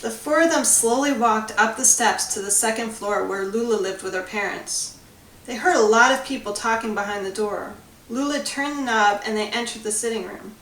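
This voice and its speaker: A woman author reading her children's story aloud with expressive, measured storytelling. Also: on the high side, slight background noise. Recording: roomy, distant recording.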